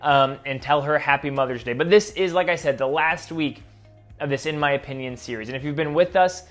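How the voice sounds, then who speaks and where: A man's voice: fairly high pitch, fairly quick, soft background music. A man hosting a kids' ministry talk, friendly and chatty, speaking straight to the viewer. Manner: friendly, direct address, chatty asides. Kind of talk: scripted talk to kids at home.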